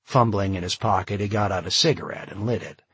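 A man narrating an audiobook in an expressive, measured storytelling manner. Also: on the low side, breathy edge, no room sound.

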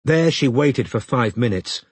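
A man reading a novel aloud as audiobook narrator, in steady, even storytelling. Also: medium pitch, unhurried, breathy edge, no echo. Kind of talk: scripted narration.

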